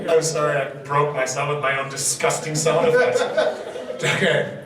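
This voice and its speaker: A man's voice: on the high side, expressive, normal speed, crowd noise. Wry male panel host in an echoey hall. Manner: dry, wry asides, frequent laughter. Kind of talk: live comedic reading. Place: convention panel room with audience. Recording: distant mic, echoey convention hall, audience.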